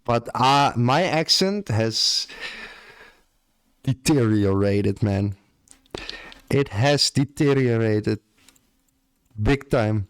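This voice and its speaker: Young Australian man, unhurried live-stream chatter, dry close sound, casual and profane. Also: mid-range voice, animated, smooth, dry recording. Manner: laid-back, swears casually, often ends lines with "bro".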